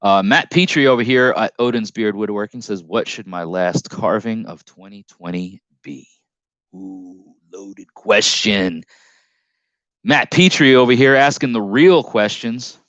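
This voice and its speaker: A man's voice: lowish voice, unhurried, fairly bright tone, no echo, muffled recording. A man hosting a casual live stream, reading chat comments aloud in a rambling, jokey way with frequent restarts.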